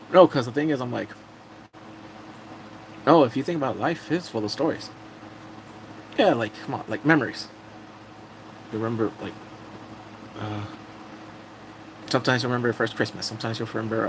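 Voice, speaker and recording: A man casually recapping TV drama episodes on a live stream, telling it with animated energy and acting out characters' lines. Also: mid-range voice, slight background noise, low-quality recording.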